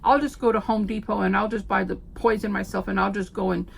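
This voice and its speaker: A middle-aged woman, a homeschooling mom telling stories in a chatty, animated vlog. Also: medium pitch, fast talker, vocal fry, a little hiss or hum. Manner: chatty, animated storyteller with frequent fillers. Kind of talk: casual chat.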